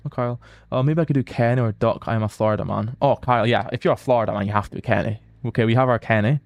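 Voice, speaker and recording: A man's voice: medium pitch, fairly even intonation, rapid-fire, creaky, no echo. Chatty Scottish man livestreaming. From Scotland. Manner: chatty, restarts, reads out viewer comments. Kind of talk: casual live gameplay chat.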